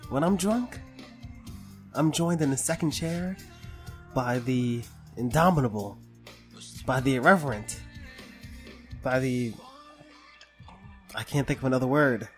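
A man's voice: mid-range voice, a little slow, pauses often, faint music behind. A man hosting a podcast in casual chat, tipsy, rambling and joking loosely. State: drunk. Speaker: podcast host.

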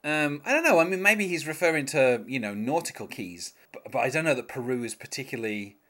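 A man's voice: medium pitch, animated, brisk, a bit bright. Chatty man discussing song lyrics. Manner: chatty, hesitant, reads lyrics aloud with laughs. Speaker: podcast co-host. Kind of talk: casual music discussion.

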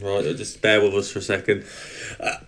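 A man's voice: on the low side, level tone, moderate pace, very noisy. A man co-hosting a wrestling podcast in casual chat, rambling and joking, with lots of ums and restarts. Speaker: podcast co-host.

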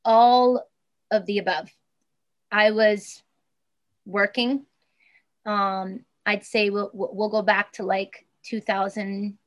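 A woman's voice: mid-range voice, fairly bright tone. A woman in her thirties, a guest in an interview, speaking earnestly and with emotion, with many fillers and restarts. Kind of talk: personal interview.

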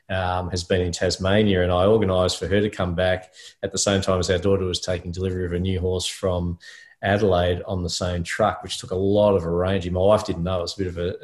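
A middle-aged Australian man, a podcast co-host, telling a rambling personal story in casual chat with many fillers. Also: sits low.

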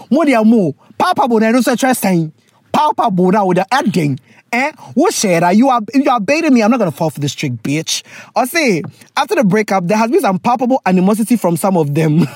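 A woman host reads out a listener's letter and offers casual advice, animated and laughing as she often slips into pidgin. Her voice sits in the mid-range, with no room sound.

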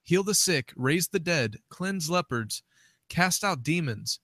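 A man's voice: on the high side, animated, slow, pushed and bright, dry recording. Man hosting and reading scripture aloud. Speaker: host.

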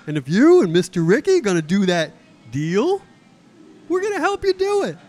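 A man's voice: sits high, huge pitch swings, moderate pace, darkish tone, faint music behind. A man voicing a pushy, meddling hospital visitor who insists on arranging a wedding and steamrolls every objection.

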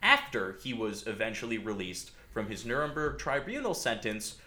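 A man's voice: on the low side, very animated, normal speed, sharp tone, echoey room. A man hosting a podcast, telling a history story in a casual, sardonic way with frequent fillers.

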